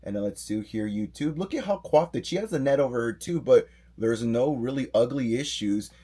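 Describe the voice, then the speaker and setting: A middle-aged man co-hosting a live doll-collecting stream from his home office, reading viewer comments aloud with excited, animated greetings. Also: medium pitch, fairly quick. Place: home office full of dolls.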